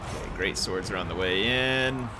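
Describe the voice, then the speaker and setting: A man commentating his own strategy game play in a chatty, excitable way, cheering at big moments. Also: on the low side, moderate pace, noisy background. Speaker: gameplay commentator. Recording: game music behind the voice.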